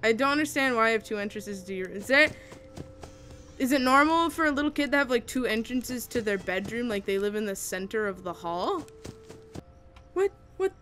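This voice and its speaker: A woman's voice: on the high side, expressive, normal speed, sharp tone. A woman hosting a horror game let's play, jumpy and giggly, shrieking at scares and joking about herself. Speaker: gaming video host. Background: game music and horror sounds.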